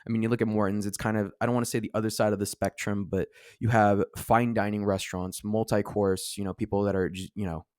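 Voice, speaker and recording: A man's voice: fairly low pitch, little pitch movement, quick pace, hardly any pauses, darkish tone, dry recording. Guy cohosting a chill podcast, rambly with tons of "like" and restarts, dry mic. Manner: rambling, lots of filler words and restarts. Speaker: podcast co-host. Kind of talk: casual podcast chat. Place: studio seated across from co-host.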